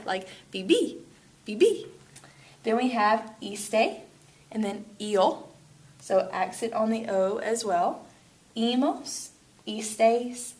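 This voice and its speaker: A woman teaching a Spanish lesson to students, upbeat and chatty with playful asides. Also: on the high side. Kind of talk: classroom lesson video.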